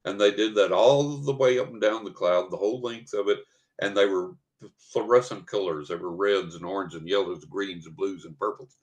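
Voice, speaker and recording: An older man from West Texas, a podcast guest telling a personal story in a lively way. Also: deep voice, moderate pace. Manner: animated storyteller who acts out what people said.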